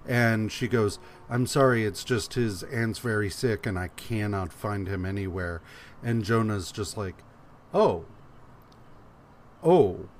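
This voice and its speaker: Slow-talking man recapping comics casually. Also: lowish voice, fairly even intonation, slight background noise. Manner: profane, acts out characters' lines while retelling. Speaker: podcast co-host.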